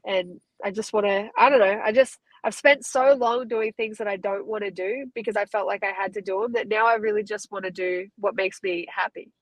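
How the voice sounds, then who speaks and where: A woman's voice: medium pitch, steady tone, brisk, hardly any pauses, no room sound, rough recording. A woman from Australia with an Australian accent, chatting casually as an interview guest and laughing easily. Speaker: guest, fighter.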